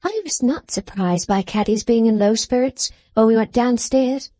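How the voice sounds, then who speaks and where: A woman narrating a classic novel as an audiobook in a measured, even manner. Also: fairly high pitch, no echo. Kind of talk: scripted narration.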